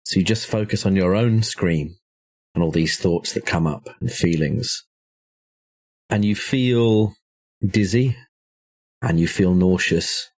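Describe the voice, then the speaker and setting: Husky deep-voiced male game master. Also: a little mellow. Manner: measured, descriptive, with small hesitations. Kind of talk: narrating a tabletop horror game.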